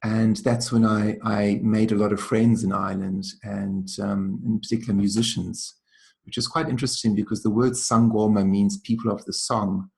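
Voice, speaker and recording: A man from South Africa, a traditional healer as guest, telling stories in a gentle, measured way that often slows and softens. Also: on the low side, level tone, vocal fry. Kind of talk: reflective storytelling interview.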